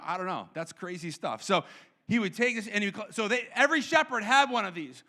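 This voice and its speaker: Male pastor, sermon, animated preaching, bright tone, repeats words. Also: high voice. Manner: animated preaching with dramatic voiced quotes; repeats words and restarts often.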